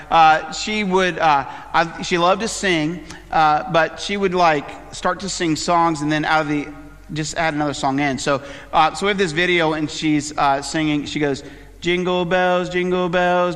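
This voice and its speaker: A man's voice: on the high side, steady tone, unhurried, fairly bright tone, big-room sound. A middle-aged man, a pastor, preaching a conversational sermon full of fillers and personal asides. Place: church sanctuary.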